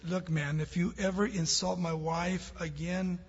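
A man doing a gruff threatening husband. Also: sits high, fairly even intonation, measured pace, in a large hall, muffled recording, heavily acted. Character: angry protective husband threatening a parrot.

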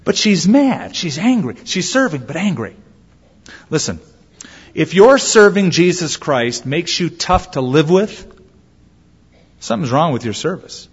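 Animated preacher man in a reverberant hall. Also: fairly high pitch, a little slow, pauses often, husky, lo-fi sound. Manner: animated preacher acting out quotes in voices. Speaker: pastor. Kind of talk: sermon.

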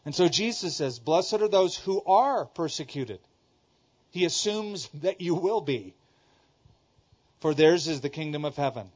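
A middle-aged male pastor from Southern California preaches emphatically, repeating key lines and swinging between loud exclamations and quiet asides. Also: high-pitched, moderate pace. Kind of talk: sermon. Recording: dull lo-fi sermon recording.

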